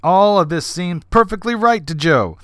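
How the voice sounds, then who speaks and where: A man hosting a podcast, telling an anecdote in an animated style with vivid character voices. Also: high voice, moderate pace, dry recording, studio quality. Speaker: podcast host. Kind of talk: anecdotal storytelling.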